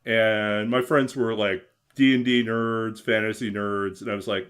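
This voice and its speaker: A man reading his own children's story aloud in a gentle, expressive storytelling manner, then chatting casually with his stream viewers. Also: a little slow, few pauses. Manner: expressive, gentle storyteller who swings his pitch a lot.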